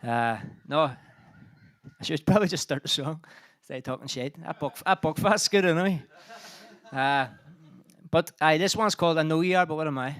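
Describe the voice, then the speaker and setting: A man's voice: fairly high pitch, normal speed, a bit bright. A band frontman bantering between songs at a live streamed gig, out of breath, swearing and joking at his own expense. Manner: sweary, self-mocking jokes. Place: live music venue streamed online.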